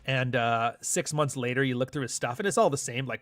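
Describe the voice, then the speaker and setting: A man's voice: medium pitch, fairly quick, a bit bright, dry recording. Sardonic man ranting on a stream. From Canada. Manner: sardonic, profane, rambling. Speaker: livestream host. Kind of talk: casual ranting monologue.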